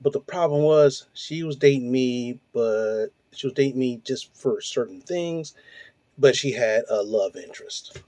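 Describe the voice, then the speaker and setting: A man in his forties, hosting, delivers a heated monologue laced with profanity and packed with rhetorical questions. His mid-range voice is warm and mellow with little brightness, and he speaks a little slowly. The recording is dry and close, with no room echo.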